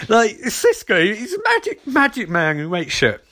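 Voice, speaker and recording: A man's voice: high voice, wildly swooping pitch, moderate pace, hardly any pauses, sharp tone. A man giving a sarcastic, rambling comedic recap of a TV episode.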